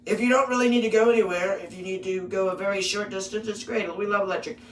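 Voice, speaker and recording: A man voicing a boastful, rambling older male politician who repeats himself and bursts out loudly. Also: high voice, fairly even intonation, fast talker, close to an everyday voice. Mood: blustering. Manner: repetitive, bragging, sudden loud bursts. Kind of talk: parody impression. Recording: roomy, distant mic with faint noise.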